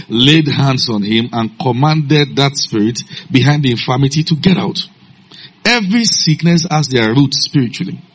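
A man preaching a sermon, telling stories in a low calm voice and breaking into loud shouted commands. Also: slightly rough.

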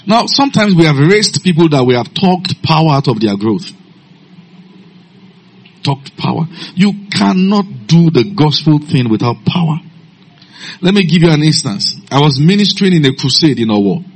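A man preaching a sermon, telling stories in a low calm voice and breaking into loud shouted commands. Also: moderate pace, slightly rough.

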